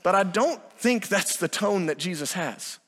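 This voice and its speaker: Preaching expressively and without hurry, a pastor with a high, fairly bright voice drives his sermon home with emphasis and voices the people he quotes. Long reverb surrounds him, suggesting a large hall.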